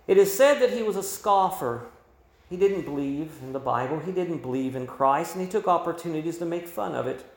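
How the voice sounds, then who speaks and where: A male pastor preaching a sermon with emphatic delivery, his voice swelling and dropping. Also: a little high. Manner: emphatic preaching with rising and falling volume. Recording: roomy echo.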